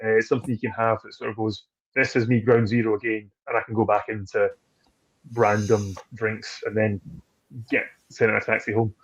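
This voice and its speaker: A man's voice: fairly low pitch, flat delivery, a little fast, fairly bright tone, dull audio. A man, a distillery trade guest chatting casually on a video call, talking freely with restarts and frequent laughs. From Scotland.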